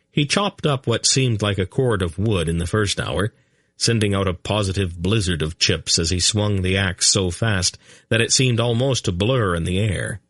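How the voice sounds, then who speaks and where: A man's voice: low-pitched, a bit bright, no room sound. A man narrating an audiobook in a dry, comic storytelling manner.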